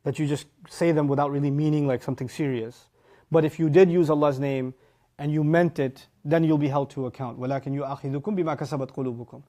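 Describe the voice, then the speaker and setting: Animated, emphatic male religious lecturer. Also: fairly high pitch, rapid-fire. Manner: emphatic, punches key words, acts out listeners' reactions. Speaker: teacher of Quran.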